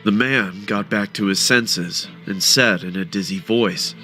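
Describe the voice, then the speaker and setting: A man narrating a first-person horror story with a dramatic, expressive delivery. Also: lowish voice, a little slow, over music.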